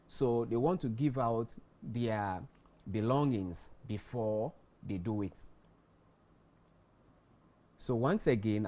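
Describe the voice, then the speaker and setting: A man with a Ghanaian English accent, a guest explaining warning signs in a measured way, repeating key words for emphasis. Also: medium pitch, a little mellow. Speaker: guest expert on mental health. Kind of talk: explanatory studio talk.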